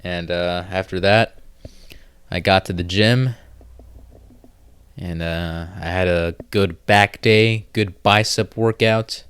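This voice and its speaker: Slow, low-voiced man ranting profanely. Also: steady tone, fairly bright tone, smooth, no room sound. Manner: rambling, profane storytelling with many fillers. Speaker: podcast host. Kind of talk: casual solo podcast monologue.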